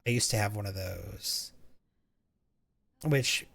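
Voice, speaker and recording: A man's voice: lowish voice, slow pace, creaky, fairly bright tone, breathy edge. Rambling, chatty male game streamer. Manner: rambling and chatty, reads chat aloud, frequent restarts. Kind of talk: casual chat while playing a game.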